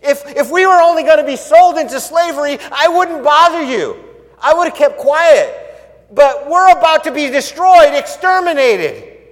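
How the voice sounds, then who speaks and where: A man voicing a desperate queen who pleads loudly for her people's lives, his voice raised high. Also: expressive, normal speed, in a large hall. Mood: desperate pleading.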